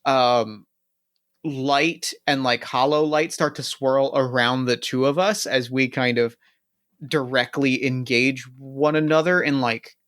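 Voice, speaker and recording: A man's voice: mid-range voice, steady tone, slow pace, a bit bright. A man playing a tabletop game and describing his character's actions, rambling with many fillers and restarts. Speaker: player.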